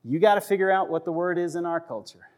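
A man's voice: high voice, fast, darkish tone. A man preaching a sermon in a conversational way, checking in with the congregation and acting out voices for humor. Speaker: pastor.

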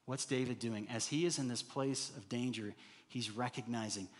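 A man preaching a sermon as pastor, animated and rising to loud, emphatic bursts. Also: mid-range voice, normal speed. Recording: hall reverb.

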